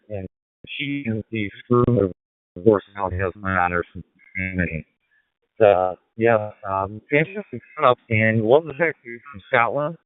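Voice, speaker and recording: Man, lowish voice, ham radio operator, hesitant, lots of fillers, in a car, tinny radio sound. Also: no echo. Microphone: mobile radio handset. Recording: lo-fi digital radio link.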